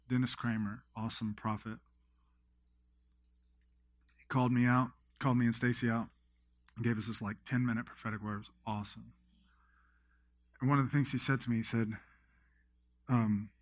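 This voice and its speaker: A man in his thirties, a pastor preaching a sermon with lively storytelling, often acting out his own thoughts and others' words. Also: medium pitch, no room sound. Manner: energetic storytelling, quotes himself and others.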